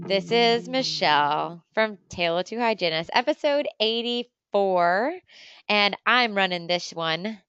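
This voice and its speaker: A woman hosting a casual podcast as a dental hygienist, chatty and teasing, often talking in quick bursts. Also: medium pitch, over loud music. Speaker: podcast host. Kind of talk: casual chat.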